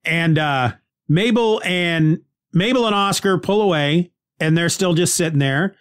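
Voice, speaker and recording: A man's voice: a little high, a little slow, no echo. A man hosting a podcast, casually recapping a TV episode in a rambling way, restarting sentences and laughing lightly.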